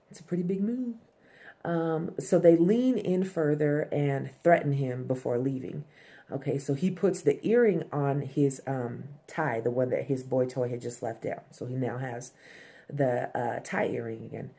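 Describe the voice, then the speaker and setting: A woman's voice: very deep voice, unhurried, mellow. A woman giving a casual, profane recap of a TV episode, full of "um" and "like". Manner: loose and profane, heavy "um" and "like".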